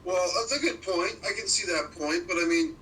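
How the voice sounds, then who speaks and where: A man's voice: sits high, moderate pace, bright, forceful tone. A man co-hosting a casual sports chat, asking rambling questions with lots of fillers. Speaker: podcast co-host. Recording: distant mic with faint room noise.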